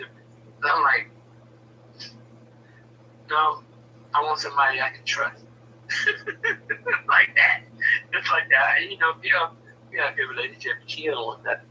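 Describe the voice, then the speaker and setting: A man's voice: on the high side, normal speed, pauses often, pushed and bright, distant mic, a little hiss or hum, rough recording. A man telling a personal story in casual, blunt, profane talk, often stumbling and repeating words as he starts a sentence.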